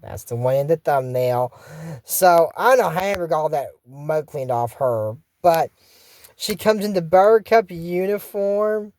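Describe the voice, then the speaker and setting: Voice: medium pitch, expressive, a little slow, a little mellow. A YouTuber casually recapping a cartoon episode, rambling with many fillers and acting out the characters' lines.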